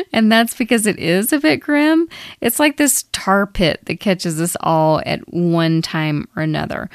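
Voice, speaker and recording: A woman's voice: lowish voice, no echo, studio quality. A woman co-hosting a spiritual podcast, talking casually about the ego, often laughing and stretching out her words for emphasis. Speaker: podcast co-host, psychic medium.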